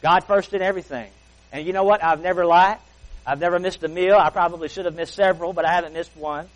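A man preaching a sermon as pastor, emphatic, slowing down and stretching key words. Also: high-pitched, fairly even intonation, poor audio.

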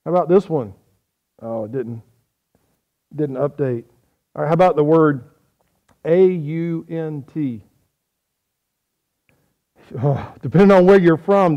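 A man's voice: on the high side, a little slow, pauses often, lo-fi sound. A man preaching a folksy sermon, quizzing his audience on how they say words.

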